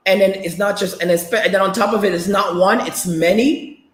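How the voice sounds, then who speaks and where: A man's voice: sits high, steady tone, normal speed, a bit bright, roomy sound. A man hosting a crypto channel live stream, ranting in an agitated way with many stammered restarts.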